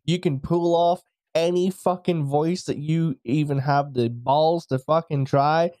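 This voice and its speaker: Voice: medium pitch, fairly even intonation, a little slow, mellow, dry recording, studio quality. A player in a tabletop game cheering on the game master with heavy swearing. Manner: profane, enthusiastic. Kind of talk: tabletop role-play banter.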